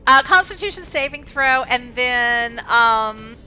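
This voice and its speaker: A woman running a tabletop game over voice chat, narrating hits and damage with animated, swooping pitch. Her tone is bright and forward. The connection glitches into robotic dropouts now and then, over faint background music. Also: slow pace, poor audio. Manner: lively, animated narration of dice rolls and attacks. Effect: glitchy, robotic dropouts from bad connection. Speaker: game master. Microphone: voice chat call.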